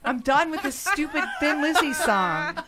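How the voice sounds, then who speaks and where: A woman's voice: sits high, sing-song, unhurried, crowd noise. A woman hosting a radio show, chatting casually with a caller in a bubbly, jokey way with crude asides.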